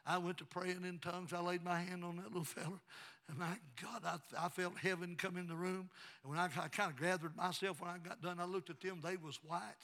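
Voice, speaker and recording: A pastor in his sixties delivers a storytelling sermon in a somewhat high, ringing voice. He drops to a low, confiding tone for his stories, then bursts into loud, shouted praise. His voice stays bright and forceful throughout. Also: level tone, fairly quick. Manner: storytelling preacher, swings from quiet narration to shouted praise. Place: church sanctuary.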